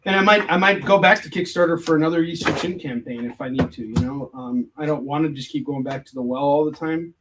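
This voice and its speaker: A man with a fairly high voice chats casually on a livestream Q&A. He jokes and stays animated while he counts stock aloud between remarks. A faint hiss sits under his voice. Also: fast, hardly any pauses. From United States. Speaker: comics creator hosting a livestream Q&A.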